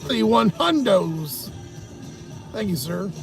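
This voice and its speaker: A man's voice: high-pitched, very animated, takes it slowly, vocal fry, soft background music. A man chatting on a live stream, telling a story in a loose, profane way and laughing often. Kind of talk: casual livestream storytelling.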